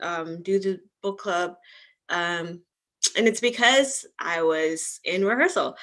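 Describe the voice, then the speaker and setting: A woman's voice: mid-range voice, a bit bright. A young woman hosting an online book club livestream, talking casually and rambling with many ums and likes.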